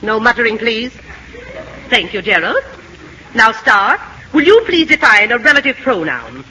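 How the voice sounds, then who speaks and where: An actress playing a prim, strict schoolmistress in a vintage film, with a formal, stern manner. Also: female voice, on the high side, sing-song, measured pace, bright, forceful tone, a little hiss or hum, heavily acted, low-quality recording. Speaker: teacher. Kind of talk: 1940s film acting.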